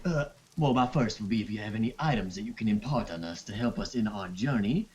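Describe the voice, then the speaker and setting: Lively, mock-formal man on a muffled mic. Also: lowish voice, a little fast, breathy edge. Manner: playfully formal when in character. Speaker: player. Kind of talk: tabletop role-play. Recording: muffled mic with faint rain behind.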